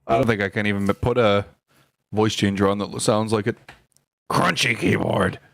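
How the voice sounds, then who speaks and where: A man's voice: lowish voice, steady tone, normal speed, creaky, fairly bright tone, no room sound. A man streaming a video game, joking around and muttering to himself as he plays. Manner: laid-back, joking, mutters to himself while playing. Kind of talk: casual live game commentary.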